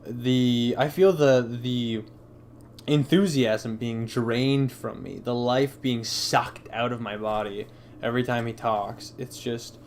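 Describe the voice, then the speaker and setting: A man hosts a live stream and reacts to clips with heated, profane ranting. His voice sits in an ordinary middle pitch, and his anger builds into blunt outbursts. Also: fairly even intonation, slow, a little mellow, a little hiss or hum. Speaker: live-stream commentary host.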